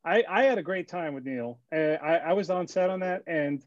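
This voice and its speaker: Casual podcast co-host, man, rambling storyteller, cusses a lot, slightly high voice, dull dry sound. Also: normal speed, no echo. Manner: rambling, swears freely, acts out quotes.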